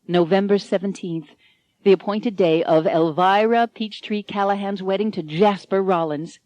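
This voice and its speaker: A woman narrating an unabridged audiobook in a warm storytelling manner, close to the mic. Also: medium pitch, normal speed, no echo, highs cut off. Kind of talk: scripted narration.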